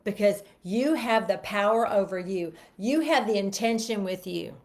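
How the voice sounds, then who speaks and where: A woman delivers a motivational self-help talk in a mid-range voice at a moderate pace. She is emphatic, repeats phrases, and guides listeners through spoken affirmations.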